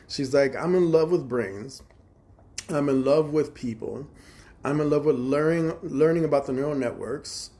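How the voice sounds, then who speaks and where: Chicago guy on a phone live stream, cussing a lot, telling a long story and doing both sides of the talk, normal mid pitch. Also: a little mellow. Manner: profane, fast-shifting, quotes others in dialogue. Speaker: livestream host. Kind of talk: rambling storytelling monologue.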